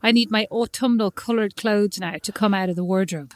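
An Irish woman in her early forties co-hosting a podcast, telling stories in casual chat with lively, animated delivery. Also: medium pitch, brisk. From Ireland. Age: early 40s. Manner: chatty, animated storyteller with frequent laughs. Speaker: podcast co-host.

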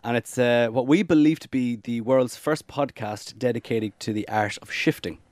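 Irish man, playful podcast guest, mid-pitched, dry close mic; jokey banter. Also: normal speed, a little mellow, dry recording. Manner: playful, joking, camp banter. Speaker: podcast guest, radio presenter. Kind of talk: casual chat.

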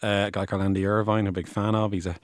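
A man hosts a science podcast in a loose, conversational way, full of asides and restarts. His booming voice sits low. The studio recording is dry and close. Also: flat delivery, racing, no echo. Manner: rambling, chatty, conversational with restarts. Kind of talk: casual explanatory podcast talk. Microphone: studio microphone.

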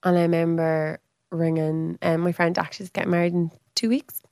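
A woman in an easy, chatty storytelling manner. Her voice sits on the lower side, recorded close and dry. She acts out quoted speech, leaping up in pitch for other people's lines. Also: level tone, normal speed, a little mellow, no room sound. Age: 30s. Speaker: podcast guest. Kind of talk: casual storytelling.

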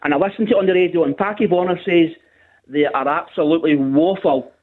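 Scottish male caller, high-pitched, grumbling, phone-line sound. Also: quick pace. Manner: grumbling, repeats "right?" often. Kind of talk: radio phone-in call.

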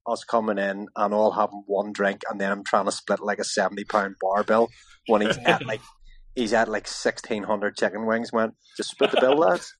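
A man's voice: on the low side, monotone, moderate pace, fairly bright tone, no room sound. A man co-hosting a casual sports podcast, telling an amused story with many restarts. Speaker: podcast co-host. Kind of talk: casual chat.

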